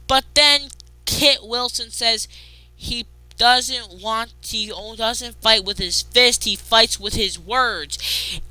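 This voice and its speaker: A woman hosting a casual wrestling recap, excitable, jumping between loud outbursts and muttered asides. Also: a little high, slow, clear, resonant tone, dry recording.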